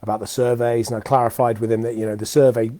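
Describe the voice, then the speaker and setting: This young British host talks quickly in a mellow, level mid-range voice during his weekly live show, an unscripted, rambling monologue from home with his dogs. He fills it with ums and restarts, and the audio has no room sound.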